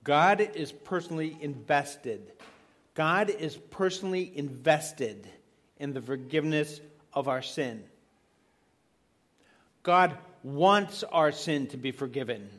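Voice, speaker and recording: Emphatic higher-voiced male preacher. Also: expressive, a bit bright. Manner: emphatic, slows down on key words, rhetorical questions. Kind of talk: sermon.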